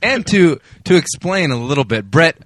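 A man hosting a casual podcast, explaining things in a relaxed way. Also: a little high, no echo, clean studio sound. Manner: relaxed, explains, quick laughs. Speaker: podcast host. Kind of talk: casual chat.

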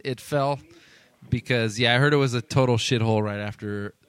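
Man, bright and a bit high, dry close mic, joking raconteur on a comic podcast. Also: brisk, clean tone, no room sound. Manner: joking, storytelling, swears. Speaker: podcast panelist. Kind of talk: casual comic chat.

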